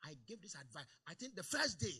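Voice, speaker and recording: A man preaching a sermon in a church service, calling for amens and swinging between quiet asides and loud exclamations. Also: high-pitched, sing-song, fast talker, breathy edge. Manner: calls for amens from the congregation. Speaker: pastor.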